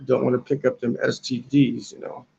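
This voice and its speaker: A man's voice: mid-range voice, little pitch movement, normal speed, creaky, a little mellow, slightly rough, dull audio. Crude rambling older American man. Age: 60s. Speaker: livestream host. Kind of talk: casual livestream rant. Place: outdoor balcony.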